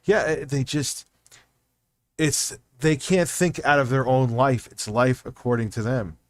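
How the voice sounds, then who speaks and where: Loud middle-aged male streamer; casual swearing commentary, dead-dry desk mic. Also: medium pitch, measured pace, dry recording. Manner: loud, animated, swearing freely. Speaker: streamer reacting to videos.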